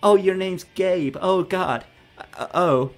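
A man's voice: slow pace, vocal fry, soft background music, heavily acted. A man doing a gushing fake-gamer celebrity with a put-on American accent. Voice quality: high, squealing and gushing.

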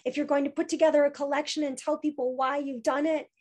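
A woman's voice: high-pitched, level tone, fast, a little mellow. A woman giving a talk as an obituary writer, telling a personal story in a chatty way with many fillers and restarts.

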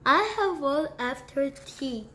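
A woman's voice: high voice, expressive, fairly bright tone, full character voice. A woman reading as a stately old Duke. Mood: eager. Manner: stately, formal speech read with halting restarts. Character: grand elderly male Duke, lordly and generous. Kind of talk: storybook reading.

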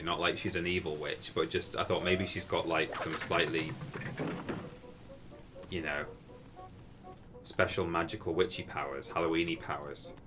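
A man chatting casually while streaming a video game, rambling and amused as he tells stories. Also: sits low. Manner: rambling, self-amused storytelling. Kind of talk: casual gameplay commentary.

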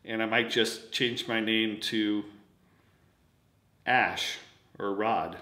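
A man chatting casually on his vlog, halting with lots of fillers, losing his voice a little. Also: fairly low pitch, steady tone, sharp tone, echoey room. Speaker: autograph collecting vlogger. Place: indoors at home at night.

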